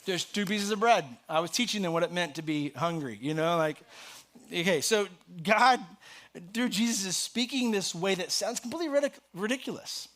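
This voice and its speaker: High-voiced pastor, animated sermon. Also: male voice, normal speed. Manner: conversational and animated, rising sharply on scripture. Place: church sanctuary.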